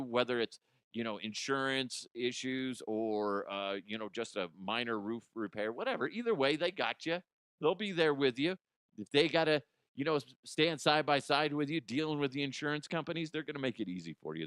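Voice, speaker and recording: A man's voice: medium pitch, expressive, moderate pace, fairly bright tone, clear, resonant tone, no room sound, clean studio sound. A man hosting a comedy podcast, rambling casually and laughing at his own jokes. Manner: rambling, giggly, self-deprecating. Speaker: podcast host.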